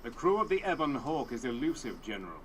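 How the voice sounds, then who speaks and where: A man's voice: mid-range voice, big pitch swings, fast talker, noisy background, natural voice. An actor playing a dutiful officer reporting to his general in a video game cutscene, formal and urgent.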